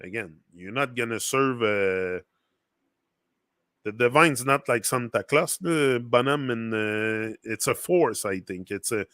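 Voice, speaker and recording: Man with a French accent, bright tone, dry close mic; loose, rambling motivational host. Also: medium pitch, takes it slowly, dry recording. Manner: rambling, reads viewer comments aloud. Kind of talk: casual motivational chat.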